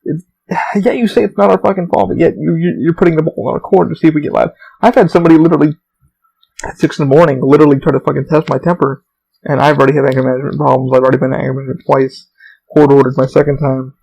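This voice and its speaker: A man's voice: fairly high pitch, fairly even intonation, rapid-fire, creaky, a little mellow, breathy edge, poor audio. A young man hosting a solo podcast, rambling through stories with lots of swearing and fillers, acting out other people in raised voices. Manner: profane, rambling storytelling with many fillers. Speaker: podcast host.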